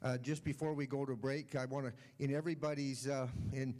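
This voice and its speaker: A man hosting a conference session, thanking the speaker and addressing the audience in loose, halting remarks. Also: mid-range voice, little pitch movement, darkish tone. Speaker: host.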